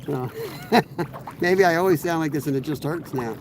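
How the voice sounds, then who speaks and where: Hoarse man with a cold, fishing from a kayak. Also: fairly high pitch, normal speed, a little hiss or hum. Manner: rambling, relaxed, greets viewers by name. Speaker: fishing streamer. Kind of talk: casual live-stream chat while fishing. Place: outdoors in a kayak on a river.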